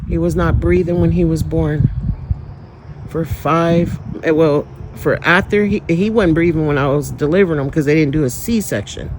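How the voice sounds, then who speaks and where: A woman's voice: deep voice, normal speed, noisy background. A woman talking straight to her viewers in a candid, emotional personal vlog, moving into an uplifting, preacherly tone. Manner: candid, emotional storytelling, talks directly to viewers; preacherly, uplifting toward the end. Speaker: vlogger.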